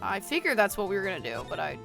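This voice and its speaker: A woman's voice: mid-range voice, big pitch swings, fast, creaky, music in the background. A young woman streamer making giggly, chatty asides while she plays a game. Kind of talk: casual gaming chat.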